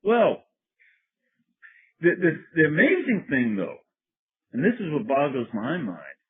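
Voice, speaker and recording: A priest tells wry stories in a lecture, often chuckling at his own material. His slightly high voice swings widely in pitch and has a husky edge. The sound is tinny and narrow, like a phone line. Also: huge pitch swings, unhurried. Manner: wry, storytelling, laughs at his own anecdotes. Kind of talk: sermon-like lecture.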